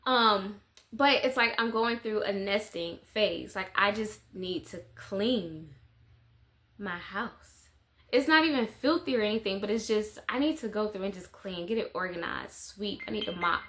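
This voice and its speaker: A woman's voice: medium pitch, lively intonation, measured pace, fairly bright tone. A woman, chatting casually and rambling in a life-update vlog, with lots of fillers. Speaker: mother and vlogger.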